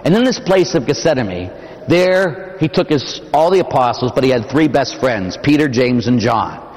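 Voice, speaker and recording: A man, a Catholic priest, preaching a dramatic sermon, swinging between loud emphatic passages and hushed, drawn-out phrases. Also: medium pitch, expressive. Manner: dramatic, impassioned preaching with sudden swells to shouting and drops to near-whisper. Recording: long hall reverb.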